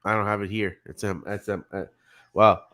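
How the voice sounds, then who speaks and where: A man's voice: fairly low pitch, little pitch movement, normal speed, bright, forceful tone. A man co-hosting a live football watch-along, joking loosely and sometimes hesitating. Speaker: podcast co-host.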